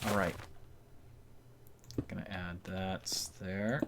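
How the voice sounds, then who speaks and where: Streamer guy, lowish voice, rambly self-talk, keyboard clicking faintly behind. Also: takes it slowly, long pauses, a bit bright, slight background noise. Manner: rambling, talks to himself, chuckles often. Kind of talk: casual live-stream commentary while building in a game.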